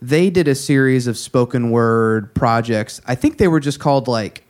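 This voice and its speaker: Male podcast co-host, loose conversational delivery, halting with fillers. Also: mid-range voice, a little mellow. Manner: rambling, many fillers and restarts. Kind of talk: casual music chat.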